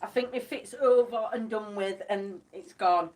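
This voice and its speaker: A woman's voice: mid-range voice, moderate pace, darkish tone, distant mic, a little hiss or hum. A woman hosting a casual chat, giggly and crying with laughter, unable to pull herself together. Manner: giggly, keeps dissolving into helpless laughter. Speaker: host.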